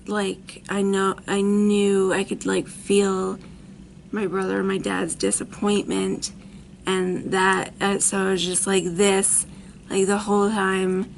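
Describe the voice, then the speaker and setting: A woman's voice: medium pitch, creaky, a little hiss or hum. A woman in her thirties telling a personal story as a vlogger, rambling with many fillers. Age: 30s. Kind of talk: storytime monologue.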